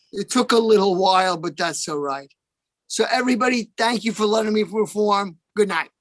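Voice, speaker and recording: A man telling deadpan stand-up one-liners over a video call at an open mic. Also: high voice, normal speed, pauses often, no room sound.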